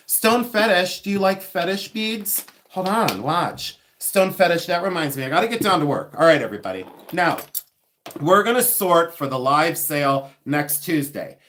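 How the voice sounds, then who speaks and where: A man's voice: on the high side, very animated, normal speed, a bit bright. A man hosting a live jewelry unboxing stream, chatting casually and joking about himself. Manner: chatty, self-mocking, laughs often. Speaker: livestream host selling vintage jewelry.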